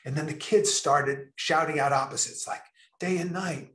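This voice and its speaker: A man presenting a creativity session in a lecture style, speaking expressively with emphatic, drawn-out pauses. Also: fairly high pitch, fairly bright tone, roomy sound. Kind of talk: lecture-style talk to a remote audience.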